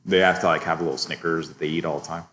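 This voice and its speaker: A man teaching a biochemistry lecture to a class, relaxed, checking in with students often and chuckling at his own asides. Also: very deep voice, very fast.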